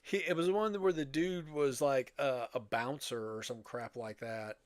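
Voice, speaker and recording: An older man swaps stories on a podcast at an easy, wandering pace, wry and quick to laugh. His voice sits at an ordinary middle pitch and is recorded close and dry, with no room around it. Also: steady tone, no echo. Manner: rambling storyteller, wry, laughs often. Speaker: podcast co-host. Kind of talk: casual chat.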